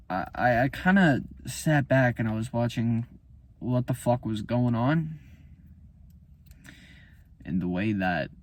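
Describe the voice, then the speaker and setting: A man, a musician, talking about his album in a casual, profane, heated rant. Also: mid-range voice. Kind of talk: casual unscripted monologue.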